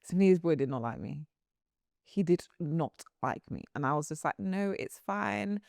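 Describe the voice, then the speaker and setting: A young woman co-hosting a podcast in casual chat, animated and laughing often as her sentences tumble out. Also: low voice, normal speed, vocal fry, no room sound, clean studio sound. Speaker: podcast co-host.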